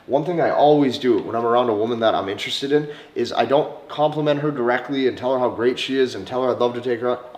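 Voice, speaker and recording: A man coaching his viewers on dating, speaking in a middle-range voice with a slow, deliberate delivery. Now and then he drops into a soft, hushed tone to act out example lines. The sound has a noticeable echo, as if recorded in a bare room. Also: mid-range voice. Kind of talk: instructional monologue to camera. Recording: echoey room.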